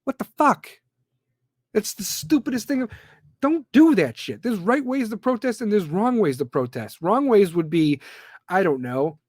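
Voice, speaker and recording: In a studio-quality recording with no echo, a man with a fairly high, darkish voice hosts a podcast. His monologue is a heated rant, blunt and full of profanity.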